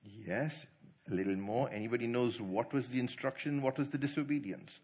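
A man preaching to church leaders, quizzing the audience and telling stories with animated delivery. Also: mid-range voice, normal speed, husky. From not from India. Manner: animated, asks the audience questions, laughs easily. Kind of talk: sermon.

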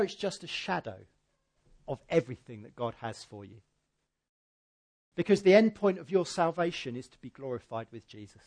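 A man preaching a sermon in church, swinging from loud emphatic peaks to quiet, low asides. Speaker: pastor.

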